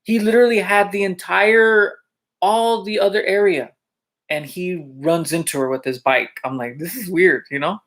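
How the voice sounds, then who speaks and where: Gravelly-voiced male teacher telling stories. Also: high voice, moderate pace, fairly bright tone. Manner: chatty, with many fillers and check-ins to viewers; laughs while telling stories. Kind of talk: casual storytelling vlog.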